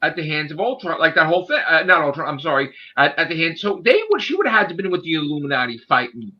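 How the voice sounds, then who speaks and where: High, animated man ranting about movies. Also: fast. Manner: ranting, profane, emphatic. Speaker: podcast host. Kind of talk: casual movie discussion. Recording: dull lo-fi sound.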